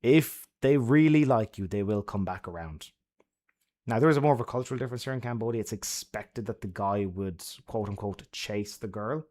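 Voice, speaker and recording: A man's voice: fairly low pitch, normal speed, darkish tone. A man giving friendly advice to his chat on a casual live stream, laughing often and swearing freely.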